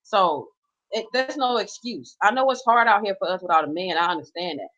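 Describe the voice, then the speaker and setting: A woman's voice: medium pitch, fairly quick, a bit bright. Middle-aged woman, emphatic unscripted rant, swears freely, slightly dull lo-fi sound. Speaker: mother and grandmother ranting about youth.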